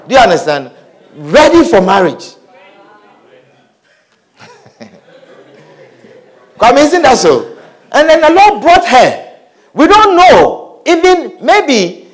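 A man delivers a sermon in a high voice that leaps up and down through his phrases. He preaches with fervor, breaking in with hallelujahs and putting questions to the congregation. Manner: animated preaching with calls of hallelujah and amen.

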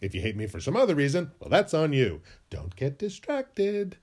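A man's voice: a little high, huge pitch swings, moderate pace, darkish tone. A man hosting a podcast, performing a comic skit where he argues with himself in two voices with a sing-song delivery. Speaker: podcast host.

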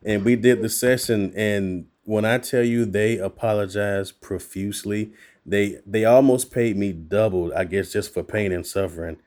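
A man who works as a voice actor guests on a casual podcast conversation, telling stories in an animated way and laughing readily. His voice is on the low side.

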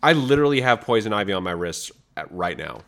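A man co-hosting a podcast, telling stories in a casual, animated way and laughing often. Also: lowish voice, quick pace. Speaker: podcast co-host. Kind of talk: casual storytelling chat.

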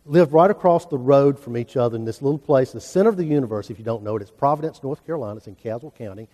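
Folksy preacher in a reverberant church. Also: male voice, mid-range voice, very fast, warm tone. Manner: storytelling, folksy, earnest. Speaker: pastor. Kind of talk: sermon. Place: church sanctuary.

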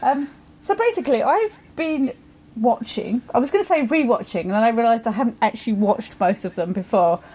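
A woman chatting quickly on a podcast, introducing her lesson. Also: on the high side, expressive, a little mellow, breathy edge. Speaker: podcast guest teacher. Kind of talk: casual chat.

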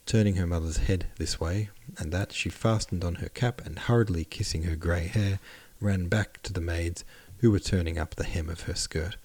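Deep, husky-voiced male narrator. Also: steady tone, moderate pace, few pauses, a little mellow. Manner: plain reading, corrects his own slips. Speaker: podcast host and narrator. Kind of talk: audiobook narration.

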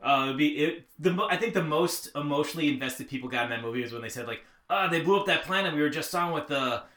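Bright-voiced joking man in an echoey room. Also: fairly high pitch, quick pace. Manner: joking, does mocking voices, laughs. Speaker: podcast guest. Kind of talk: casual movie chat.

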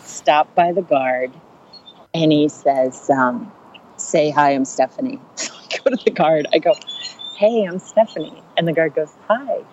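Woman comedian, low voice, chatty storyteller acting out quotes, slightly muffled recording with faint hiss. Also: fairly even intonation, measured pace, a little mellow. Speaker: stand-up comedian and rideshare driver. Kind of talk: casual storytelling on a podcast.

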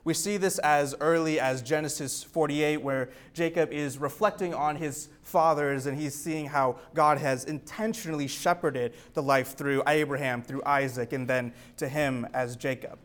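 A man's voice: a little high, steady tone, normal speed, hardly any pauses. A young man preaching an earnest teaching sermon, reading scripture aloud with rising emphasis.

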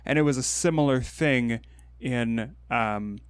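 A man's voice: medium pitch, unhurried, clean tone, dry recording. Chatty male podcast guest, dry sound. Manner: chatty, rambling. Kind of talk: casual chat.

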